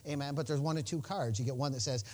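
A male pastor preaching a sermon in a folksy, joking manner, dropping to soft asides and rising to bold, loud declarations. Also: medium pitch, quick pace.

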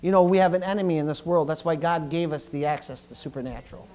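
A middle-aged man preaches from the pulpit in a voice pitched a little higher than most men's. He stumbles and repeats words as he goes, swinging from loud bursts to quiet asides. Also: quick pace. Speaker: pastor. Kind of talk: sermon.

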